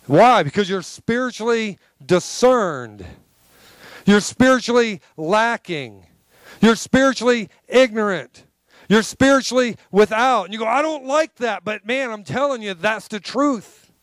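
A man's voice: high voice, expressive, unhurried, no echo. A man preaching a sermon to a congregation, emphatic and conversational, calling out for responses. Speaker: pastor.

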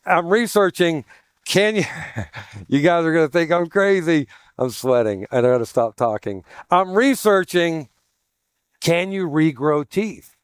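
A man preaching a sermon and telling a humorous story about himself in a conversational, self-deprecating way, putting on lively voices for the people he quotes. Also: fairly high pitch, unhurried, clean tone, dry recording, studio quality. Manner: animated voicing of quoted people. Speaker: pastor.

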